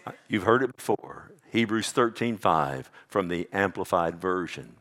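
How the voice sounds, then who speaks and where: A man preaching a sermon as pastor, swinging from hushed, intimate passages to loud, emphatic declarations. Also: deep voice, lively intonation, unhurried.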